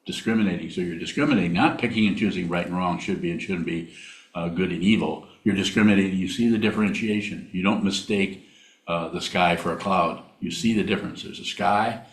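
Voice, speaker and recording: A male Buddhist meditation teacher giving a dharma talk with questions, speaking in a halting, plainspoken way and repeating words. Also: sits low. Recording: roomy hall sound.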